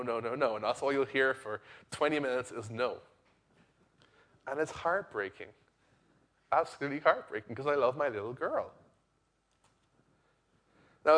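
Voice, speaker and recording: Earnest man preaching a sermon. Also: mid-range voice. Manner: earnest, swings from loud emphasis to quiet intensity. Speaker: pastor.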